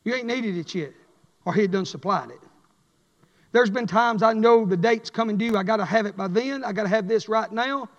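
A man preaching a fiery sermon, chanting and swinging between shouted lines and a low drawl. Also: brisk, muffled recording. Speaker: pastor. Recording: echoey church hall.

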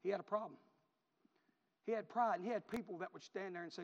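A man preaching a sermon, repeating phrases in a rhythmic build that rises to shouts. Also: high voice, fast talker, creaky, long pauses. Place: church. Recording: reverberant hall, dull lo-fi.

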